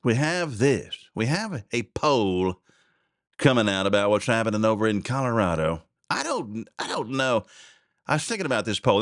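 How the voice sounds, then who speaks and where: A man's voice: mid-range voice, fairly bright tone, no room sound, studio quality. A man hosting a talk show, giving casual, sarcastic political commentary and laughing often.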